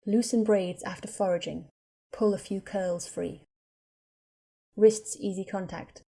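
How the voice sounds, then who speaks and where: A female narrator reading a story aloud in a steady, measured manner at a middling pitch. The delivery is plain audiobook storytelling. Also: vocal fry.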